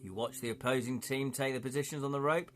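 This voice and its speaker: A man with a British accent narrating a gamebook on a live stream, chatty and quick to break off into asides. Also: mid-range voice, steady tone, faint music behind. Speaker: host and narrator.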